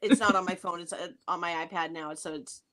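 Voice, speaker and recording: A woman's voice: on the low side, steady tone, brisk, heavy background noise. Giggly young woman w/ a light boston accent, chatting on a live video call, trails off a lot. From Massachusetts, north of Boston. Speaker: guest gardening creator. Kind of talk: casual live-stream chat.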